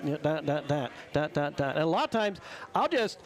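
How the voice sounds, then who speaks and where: A man co-hosting a relaxed radio show from a brewpub. His voice sits high and moves a lot, and he rambles, restarts and laughs between thoughts. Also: normal speed. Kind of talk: casual bar-side radio chat.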